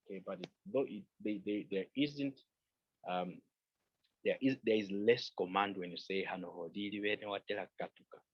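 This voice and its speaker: A man with a Zambian accent leads an online language lesson, slowly repeating example phrases and checking that his students follow. His voice sits fairly low and husky, close and dry. The call audio sounds dull and lo-fi. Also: no room sound. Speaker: language teacher.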